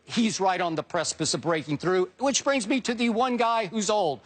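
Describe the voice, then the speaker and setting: Emphatic high-voiced male sports debater. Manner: emphatic, building excitement, quick asides.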